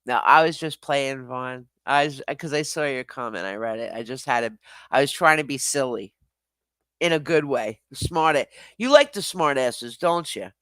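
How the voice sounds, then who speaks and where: At normal speed, a livestream host speaks in a mid-range voice with lively intonation and a pushed, bright, clean tone without echo. In his casual stream he rambles and swears through viewer comments, often laughing, apologizing, and making fun of himself.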